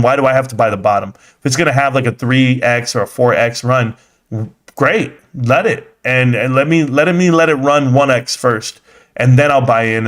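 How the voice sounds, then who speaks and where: Blunt, animated male stream host. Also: mid-range voice. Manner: blunt, animated, talks back to chat, laughs often. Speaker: livestream host reading and answering chat. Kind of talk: casual livestream market commentary.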